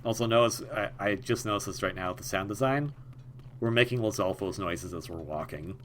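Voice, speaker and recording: A man's voice: lowish voice, normal speed, a bit bright, slight background noise. A man giving casual, rambling commentary over a video game, joking and drifting into tangents and mumbled asides. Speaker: gaming video host. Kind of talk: casual let's-play commentary.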